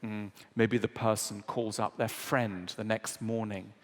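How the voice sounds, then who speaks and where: A man giving a public lecture, animated and acting out the voices he quotes. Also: on the low side, measured pace. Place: large lecture hall. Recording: long reverb of a lecture hall.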